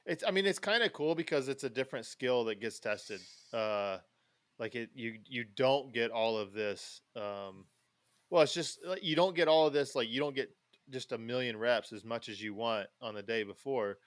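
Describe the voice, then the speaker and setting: A man's voice: medium pitch, moderate pace, no echo. A man hosting a podcast in casual chat, rambling along with many fillers and restarts. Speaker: podcast host.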